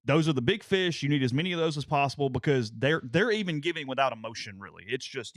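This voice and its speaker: A man co-hosting a sports podcast who talks in an animated way and slips into mocking voices when he quotes people. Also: medium pitch, fast, no echo, studio quality. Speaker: podcast co-host. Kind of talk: casual sports talk.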